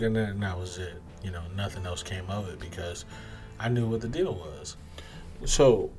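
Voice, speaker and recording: Male podcast host, lowish voice, casual but emphatic commentary style. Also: darkish tone. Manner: emphatic, conversational, acts out other people's replies.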